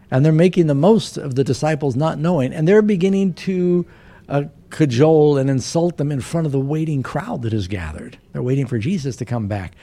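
A man's voice: mid-range voice, mellow. A man preaching a sermon, retelling a Bible story and briefly voicing its characters. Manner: storytelling, voicing biblical characters with varied emphasis.

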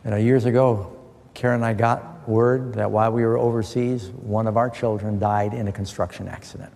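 A man's voice: fairly low pitch, steady tone, a little fast, gravelly, mellow. A middle-aged male preacher giving a sermon as a Bible study, posing questions and answering them with scripture in an earnest, emphatic way. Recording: long reverb of a large hall.

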